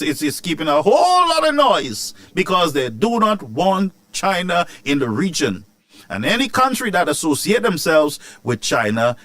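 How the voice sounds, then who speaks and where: A man, hosting a news commentary show, ranting about politics with rhetorical questions and sharp asides. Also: fairly high pitch, no room sound.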